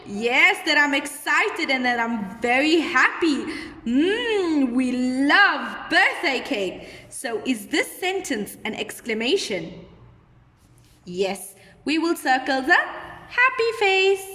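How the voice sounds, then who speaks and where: A woman teaching a kindergarten lesson, speaking slowly and acting out example sentences with big feeling. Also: high voice, sharp tone, reverberant, big-room sound. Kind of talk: recorded classroom lesson for young children.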